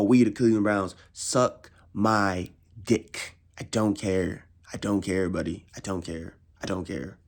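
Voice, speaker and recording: Young guy venting about his football team, gravelly voice, keeps repeating himself, voice jumps up high when he's fed up. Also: a little mellow. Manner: exasperated, slangy, repeats himself, big pitch swings. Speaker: football fan. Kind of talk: casual rant.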